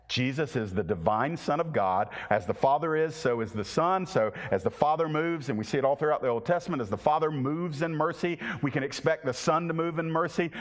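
A man preaching a sermon to a large congregation, impassioned, with repeated phrases and stammered restarts. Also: on the high side. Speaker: pastor. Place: large church hall. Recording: long reverb of a large hall.

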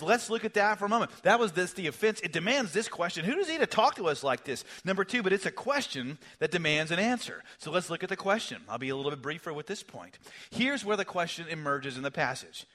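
A middle-aged male pastor delivering a sermon in a bright, fairly high voice. His pitch moves a lot, with loud emphatic phrases that fall to near whispers. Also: a little fast. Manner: animated, swings from loud emphasis to hushed whispers.

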